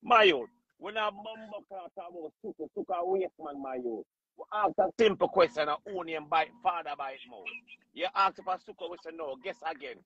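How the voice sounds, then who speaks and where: A man with a Jamaican accent, bantering loudly and joking on a casual livestream, often breaking into laughter. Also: sits high, lively intonation, normal speed, creaky, breathy edge, muffled recording. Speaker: livestream host.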